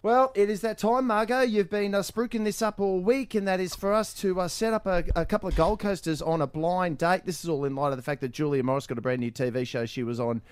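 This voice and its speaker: A man's voice: sits high, fairly even intonation, fast talker, few pauses, smooth, no room sound. A man with an Australian accent, hosting a radio show with jokey, blokey banter and frequent laughs. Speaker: radio host. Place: radio studio.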